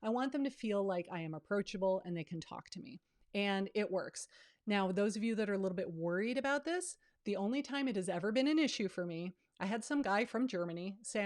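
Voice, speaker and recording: Casting: woman, 50s, friendly real estate coach, relaxed live-stream Q&A, approachable and chatty. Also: mid-range voice, fairly quick. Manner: chatty, down-to-earth, conversational. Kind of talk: live online training with Q&A.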